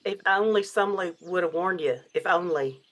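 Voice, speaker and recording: A woman's voice: lowish voice, fairly quick. A woman playing a tabletop game, chatting casually with dry teasing. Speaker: player. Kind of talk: casual tabletop gaming chat.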